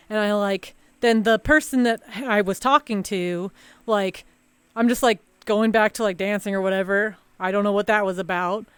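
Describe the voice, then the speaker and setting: A woman's voice: medium pitch, clean tone, no room sound. A woman streamer telling a story in a casual, rambling chat full of fillers and restarts.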